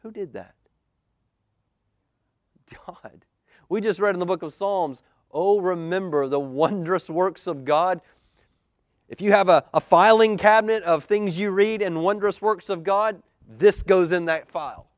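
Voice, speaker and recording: Lively pastor reading a storybook. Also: male voice, high-pitched, unhurried, no room sound, studio quality. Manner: lively, asks the children questions. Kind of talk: reading a children's storybook aloud. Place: church auditorium.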